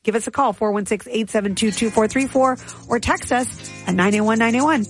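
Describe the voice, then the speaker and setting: A woman's voice: on the high side, a little fast, over loud music. A woman co-hosting a morning radio show, playfully reading listener texts in casual banter. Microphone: studio mic.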